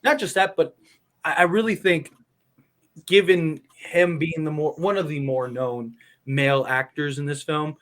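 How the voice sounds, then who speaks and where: A man's voice: a little high, a little slow, a bit bright. A man chatting casually on a podcast, rambling with lots of fillers and restarts. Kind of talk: casual chat.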